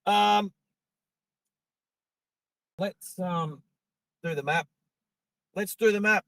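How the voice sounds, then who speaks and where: A man's voice: sits high, very slow, a bit bright, no echo, rough recording. A man hosting a live stream from his car, chatting to viewers in a rambling way as he drives. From Australia. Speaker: live-stream driving host. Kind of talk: casual live-stream chat while driving. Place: inside a car on the road.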